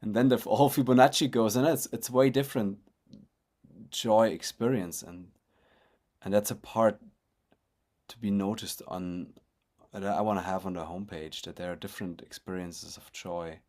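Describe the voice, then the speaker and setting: Man, lowish voice, eager and animated, stop-start phrasing, video call. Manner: animated and enthusiastic, with halting restarts. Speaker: research partner. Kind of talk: reflective conversation.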